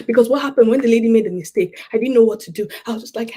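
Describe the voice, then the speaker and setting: A woman giving an emotional personal testimony at a summit, halting and repeating words as she pleads earnestly with listeners. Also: on the high side, mellow, breathy edge. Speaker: summit speaker.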